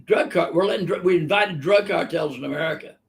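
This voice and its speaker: An older man with a gravelly, somewhat high-pitched voice hosts a live webinar as a physician. He tells his stories bluntly and emphatically and does not hide his opinions. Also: fast talker, a little hiss or hum. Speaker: physician host answering viewer questions. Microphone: live webinar microphone.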